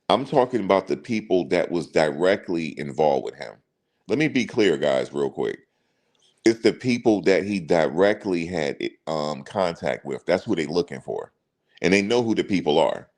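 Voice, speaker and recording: Low-voiced male host, casual commentary, chatty and repetitive. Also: a little mellow. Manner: chatty storyteller, addresses viewers directly, repeats himself.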